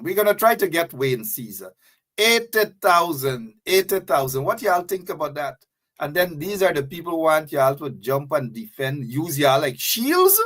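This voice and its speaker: A man's voice: mid-range voice, fairly bright tone. Guyanese male host, impassioned live-stream commentator, preachy, repeats himself, names viewers one by one. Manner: preachy, repetitive, calls out viewers by name. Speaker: talk show host.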